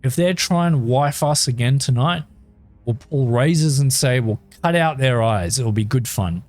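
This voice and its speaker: A man's voice: medium pitch, expressive, normal speed, a little mellow, close to an everyday voice. A man reading a video game's dialogue for a tough twelve-year-old street urchin, in his own plain voice and without attempting an accent. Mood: taunting.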